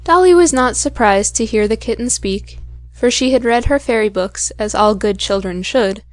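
Woman, storybook narrator, measured reading, fairly high voice, dry close mic. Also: no room sound.

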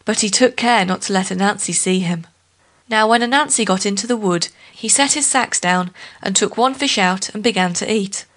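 A woman reading a folk tale aloud as a steady, expressive storyteller. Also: medium pitch, normal speed.

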